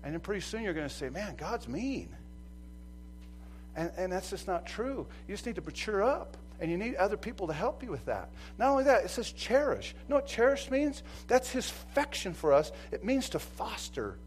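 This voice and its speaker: Animated high-pitched male pastor preaching. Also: brisk, few pauses, slight background noise, poor audio. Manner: animated, acts out quoted voices, swings loud and soft. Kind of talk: lively sermon.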